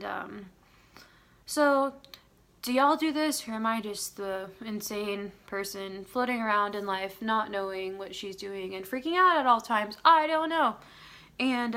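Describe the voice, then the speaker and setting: A woman's voice: fairly high pitch, bright, forceful tone. A woman in her twenties talking candidly in a casual confessional vlog at home, rambling with lots of "um" and "like" and tending to be self-critical. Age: 20s. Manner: rambling, full of "um" and "like". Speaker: vlogger.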